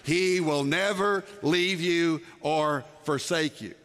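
Quoted figure: male preacher as a wry old church lady, bright voice, reverberant hall. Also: a little high, slow pace.

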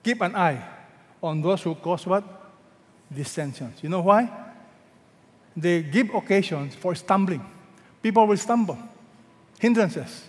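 A middle-aged man with a Filipino accent, preaching a sermon as senior pastor, calling out questions for the congregation to answer and slowing down to quote scripture. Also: sits high, animated. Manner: slows right down when quoting scripture. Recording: hall with long reverb.

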